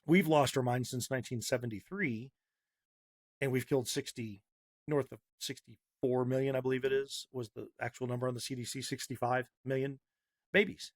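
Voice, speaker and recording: Man, podcast host, gravelly, dry close sound, heated sarcastic rant. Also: mid-range voice, fairly even intonation, fairly quick, dry recording. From Massachusetts. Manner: heated, sarcastic, punchy repetition. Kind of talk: opinionated podcast monologue.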